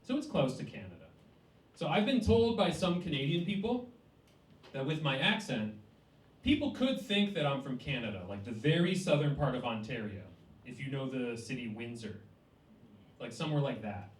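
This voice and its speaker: Animated comedian. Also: male voice, mid-range voice, normal speed. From Cleveland, Ohio. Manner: chatty, rhetorical, with many "like" and "right?". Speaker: stand-up comedian. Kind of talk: stand-up comedy set. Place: small cafe, indoors. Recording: echoey cafe room, distant mic.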